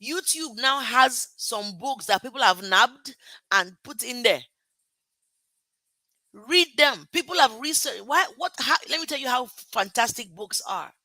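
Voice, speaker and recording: Middle-aged Nigerian woman, live motivational host, very bright, tense edge, dry close sound, punchy and repetitive. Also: on the high side, animated, a little slow, no echo, poor audio. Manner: emphatic, repeats points, laughs at herself.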